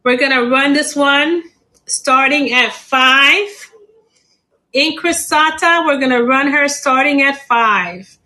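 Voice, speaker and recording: A woman's voice: high voice, takes it slowly, pushed and bright, low-quality recording. A middle-aged woman hosting a live plant sale stream, chatty and laughing often.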